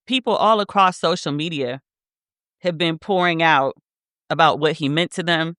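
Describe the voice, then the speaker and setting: Woman podcast host, thirties, emotional and animated casual monologue, bright tone, dry close sound. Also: sits low, normal speed, dry recording. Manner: emotional, animated storytelling with many "like" fillers.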